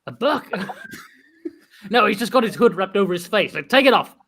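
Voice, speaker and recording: A man's voice: high-pitched, lively intonation, moderate pace, fairly bright tone, full character voice. A man voicing a sly, sinister old hermit who lures people in and summons storms, in an improvised comedy scene. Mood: mocking. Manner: wheedling, sly.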